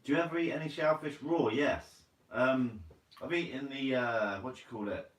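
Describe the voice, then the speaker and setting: A man's voice: medium pitch, normal speed, far from the mic. A man hosting a fishing channel live stream, reading viewer comments aloud in a casual, chatty way and calling people mate. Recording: roomy, from away from the mic.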